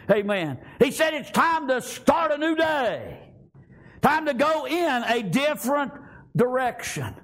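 Male pastor, very high-pitched, fervent preaching with shouted peaks and constant amens. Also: creaky. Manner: fervent preaching with frequent "praise God" and "amen", rising to shouts. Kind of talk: sermon.

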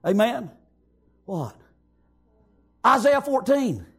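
A man preaching a fervent revival sermon, often shouting and breaking in with amen and praise God. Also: very high voice, sing-song, drawn-out words, creaky, slightly rough.

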